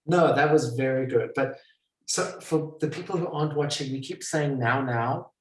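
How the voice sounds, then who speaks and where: A man hosting an interview in a relaxed way, answering with short affirmations. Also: mid-range voice, moderate pace. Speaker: host, interviewer. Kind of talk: casual interview. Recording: roomy echoey sound.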